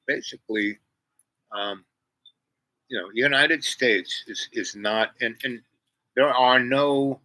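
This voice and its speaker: A man's voice: on the low side, pushed and bright, no room sound, rough recording. A man rambling to camera in a meandering monologue, full of "you know" and restarts, sitting outdoors on a porch. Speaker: vlogger.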